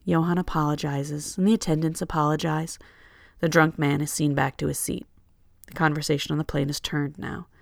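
A reader tells a second-person story in a measured, soft way. The voice has a gravelly edge at a middle pitch and sounds dry and close to the mic. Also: flat delivery, no echo. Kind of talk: second-person fiction narration.

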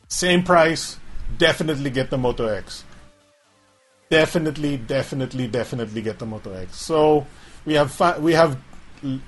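A man's voice: medium pitch, breathy edge. A Filipino man with a Filipino accent hosting a casual tech stream, chatting loosely, mixing languages and reading viewer questions. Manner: chatty, code-switching, reads viewer comments. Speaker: tech show host. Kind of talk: casual live-stream chat.

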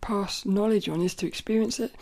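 A woman with a mid-range voice hosts a casual solo podcast, chatting playfully with many restarts and frequent self-corrections. At times she reads aloud from a children's book, delivering the quoted passages louder and slower. Background noise can be heard.

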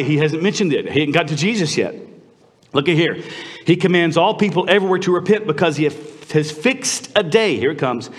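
A man preaching a sermon as pastor, in a conversational, animated way that swings from lively asides to quiet, earnest passages. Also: on the high side, long reverb tail. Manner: animated, conversational preaching with sudden drops to quiet, intimate tones.

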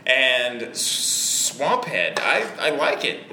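A man hosting a beer podcast with his friend, sometimes slipping into a booming announcer-style voice, chatting casually. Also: huge pitch swings, extremely slow, sharp tone, reverberant, a little hiss or hum. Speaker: podcast host. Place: hotel or room on location.

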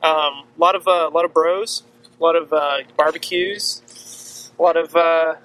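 Bright-voiced hesitant interviewer outdoors. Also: male voice, fairly high pitch, steady tone, brisk. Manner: hesitant, lots of fillers and laughs. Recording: noisy outdoor recording from a distance.

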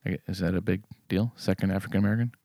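A tipsy man co-hosting a podcast and reading out a wry, sardonic commentary segment, clearing his throat now and then. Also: sits low, fairly even intonation, rapid-fire, warm tone, no room sound, clean studio sound. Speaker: podcast co-host. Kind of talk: casual chat and read-aloud commentary segment.

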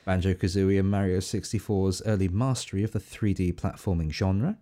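A man co-hosting a podcast, giving a comedic game review with a sarcastic, animated delivery and frequent laughs. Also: low voice, brisk. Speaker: podcast co-host.

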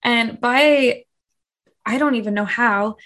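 A woman's voice: on the high side, slow pace, fairly bright tone. A young woman as a podcast guest, chatting casually and acting out quotes with lots of fillers. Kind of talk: casual interview chat.

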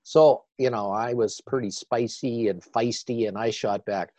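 An older man, a guest on an interview show, telling his story with animated repetition. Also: medium pitch, measured pace, no room sound, lo-fi sound.

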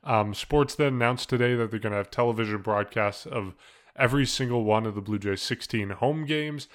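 A man's voice: mid-range voice, fairly quick. A man hosting a casual sports podcast, chatty and laughing often as he runs through the news. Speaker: podcast host.

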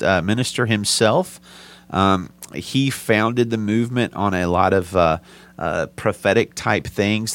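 A man co-hosting a casual Christian podcast, giving a brisk overview with a dry, teasing edge. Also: on the low side. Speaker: podcast co-host.

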